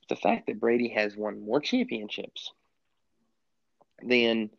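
A man co-hosting a sports podcast in casual chat, rambling with lots of halting restarts. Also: fairly low pitch, vocal fry, no echo. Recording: dull, muffled lo-fi sound.

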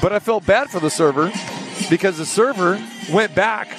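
A man hosting a live radio show from an arena, telling a story in a casual, animated way and acting out the people in it. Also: high voice, normal speed. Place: arena during a live broadcast. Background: music and an arena crowd.

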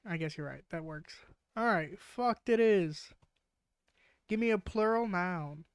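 Woman podcast host, casual and joking, slightly low voice, dry sound. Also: unhurried, clear, resonant tone, dry recording. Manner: joking, swears freely, laughs while reading. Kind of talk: casual chat.

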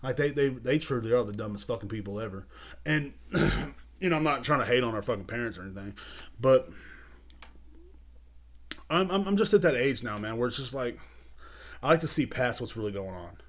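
A man's voice: mid-range voice, expressive, a little fast, pauses often. A young man hosting a podcast, ranting in a casual, profane, rambling way and repeating his words and phrases. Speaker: podcast host.

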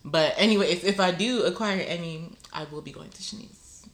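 A woman's voice: on the low side, normal speed, creaky. A young woman co-hosting a casual podcast, teasing her friend and swearing freely as she talks. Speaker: podcast co-host. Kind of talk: casual chat.

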